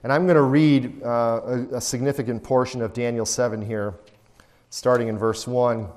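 A man teaching a Bible study at a middle pitch, in a relaxed, conversational manner. He keeps turning to his listeners with rhetorical questions. His voice rings with the long reverb of a large room. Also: normal speed.

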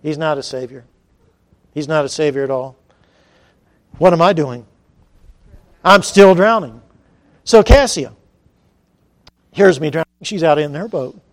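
Animated male preacher, fairly high voice. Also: measured pace, pauses often. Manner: animated storytelling, shouting for acted cries. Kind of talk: sermon.

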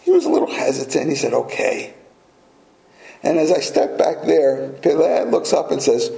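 Pastor, male, a touch high-pitched and mellow, storytelling sermon with light laughs, echoey room. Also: big pitch swings, normal speed, creaky. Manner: storytelling, with small laughs and restarts.

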